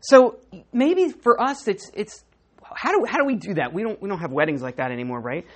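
Lively older woman preaching. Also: medium pitch, fairly quick. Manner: lively and conversational, acting out quotes and laughing. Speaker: pastor. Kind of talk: sermon.

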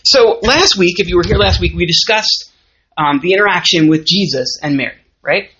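A woman's voice: fairly low pitch, normal speed. A woman with a Southern US accent giving a conversational sermon, often asking her listeners questions. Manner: lively, conversational, asks the audience questions. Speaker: teacher of a church class. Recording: muffled lo-fi recording.

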